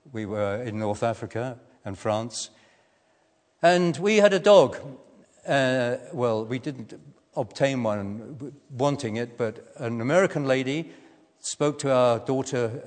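An older man preaching a sermon, telling a personal story in a measured way with gentle humour. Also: mid-range voice. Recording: echoey hall.

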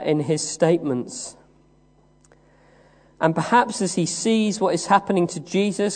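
High-voiced preacher in an echoing hall. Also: male voice, darkish tone. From West Country of England. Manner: measured storytelling with frequent "uh" pauses. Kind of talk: sermon. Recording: long reverb of a large hall.

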